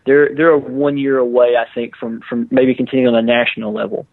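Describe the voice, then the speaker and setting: Casting: relaxed male guest on a tinny phone line, dry, mid pitch. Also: fairly quick, gravelly, dry recording. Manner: relaxed, many restarts. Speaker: guest football writer. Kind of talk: casual sports analysis.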